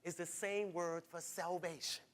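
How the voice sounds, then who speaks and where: A man preaching a sermon, repeating phrases in a rhythm and building from quiet lines to shouts, calling out to the congregation. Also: high-pitched, level tone, a little slow. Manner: calls on the congregation directly.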